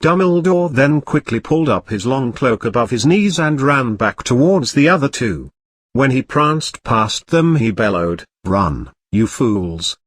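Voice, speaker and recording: A man's voice: medium pitch, lively intonation, measured pace, no echo. Man reading a comic storybook, dry. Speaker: narrator.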